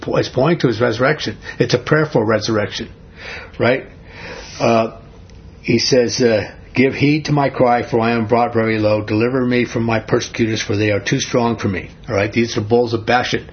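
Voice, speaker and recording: A man teaching a Bible study, his voice husky and slightly breathy. He reads scripture passages aloud and keeps asking his listeners questions. The recording is dull and lo-fi. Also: mid-range voice, steady tone, moderate pace.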